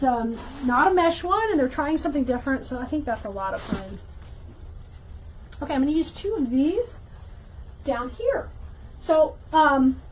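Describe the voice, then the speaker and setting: A woman hosting a casual livestream craft tutorial, chatting with viewers and thinking out loud as she works. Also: high-pitched, slight background noise, low-quality recording. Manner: chatty, reads viewer comments aloud, thinks out loud while working. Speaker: wreath-making teacher and livestream host.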